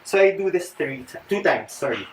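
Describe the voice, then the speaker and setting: A man's voice: on the high side, lively intonation, normal speed. Panting Filipino man demonstrating yoga. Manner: chatty, switches into Tagalog, jokey asides. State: out of breath. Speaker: fitness vlogger. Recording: distant mic with faint background noise.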